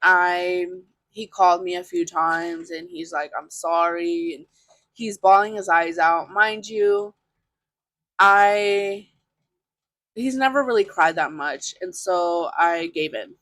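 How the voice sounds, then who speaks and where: Frank, casual woman with a lowish voice. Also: slow pace, a bit bright, no room sound. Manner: casual, frank, heavy with fillers and swearing. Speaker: podcast host. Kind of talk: candid personal storytelling.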